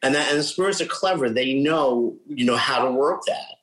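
A man's voice: mid-range voice, normal speed, rough recording. A man, a psychic medium talking casually in an interview and imitating voices as he explains. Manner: chatty, animated, imitates voices he describes.

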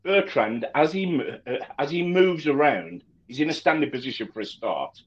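Animated man chatting football, lo-fi sound. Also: a little high, moderate pace. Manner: animated, many restarts and repeated words. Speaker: football podcast co-host. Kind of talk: casual fan chat.

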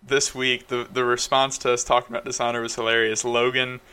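A man's voice: mid-range voice, level tone, brisk, bright, forceful tone, smooth. A man co-hosting a podcast in casual chat, blunt and opinionated. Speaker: podcast co-host.

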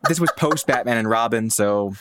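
A co-host trades wry, playful asides in a casual pop culture chat. The voice sits mid-pitch but swings widely and animatedly. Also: expressive, normal speed, fairly bright tone, no echo, studio quality.

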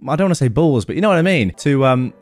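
A man reading online stories aloud in an animated way and adding his own comments. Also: medium pitch, fast talker. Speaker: story narrator.

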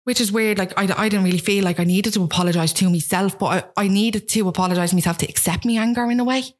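A young woman with a Dublin Irish accent, telling her own story as a guest in a candid, self-mocking way and acting out what people said. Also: medium pitch. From Ireland. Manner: rapid, frank, self-mocking, acts out quotes.

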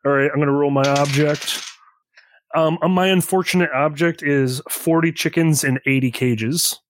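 A man's voice: on the high side, steady tone, normal speed, no echo. A man in casual tabletop game chat, explaining the setup and rules in a loose, rambling way. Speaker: player guiding the game setup.

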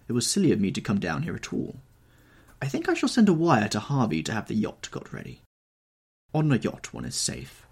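A man voicing a nervous, brooding young gentleman, anxious and pleading, in an audiobook reading. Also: on the low side, huge pitch swings, a little fast, gravelly, breathy edge, voice pushed up, exaggerated voice. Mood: haunted.

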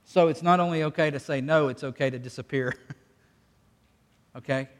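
Folksy pastor in a reverberant church. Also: male voice, a little high, moderate pace. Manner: folksy, conversational preaching with audience call-and-response. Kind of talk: sermon. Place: church sanctuary. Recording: long reverb of a church hall.

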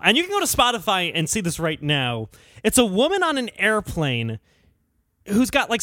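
A man co-hosting a casual comedy music podcast, joking and talking in quick animated bursts. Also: extremely high pitch, dry recording, clean studio sound. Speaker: podcast co-host.

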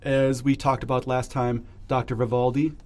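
A man's voice: medium pitch, level tone, moderate pace, a little mellow. A man hosting a book podcast, joking wryly and running the segments in a casual way. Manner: wry, jokey, reads out segment options. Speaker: podcast host. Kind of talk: casual chat.

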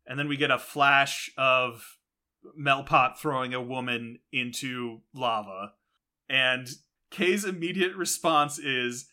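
A podcast host, a man, retells an episode scene by scene. He rambles, stops and restarts often, and his voice is very bright and forceful at a middle pitch. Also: slow pace. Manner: rambling, many fillers and restarts, laughs while retelling. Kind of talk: casual show recap.

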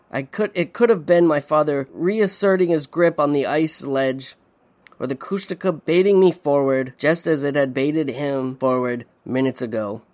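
A man hosting a podcast, reading a dark story in measured, suspenseful narration. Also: medium pitch. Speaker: podcast host.

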